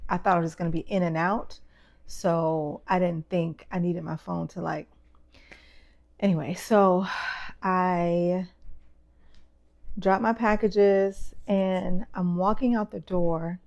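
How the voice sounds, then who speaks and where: A woman's voice: fairly low pitch, fairly even intonation, slow pace, long pauses, a little mellow, dull audio. Heartfelt young woman telling a personal story. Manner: casual, heartfelt, many fillers like "like" and "um". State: tearing up. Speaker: fashion brand owner.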